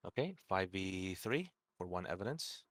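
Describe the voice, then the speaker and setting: A man playing a card game with a friend, excitable and laughing often as he narrates and reacts. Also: low voice, normal speed, slight background noise. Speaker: player. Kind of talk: casual game play chat.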